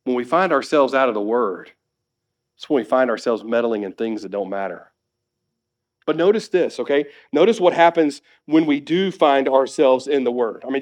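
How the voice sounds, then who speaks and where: A man who is a pastor, preaching a sermon that swings between emphatic exhortation and soft, conversational asides. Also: mid-range voice.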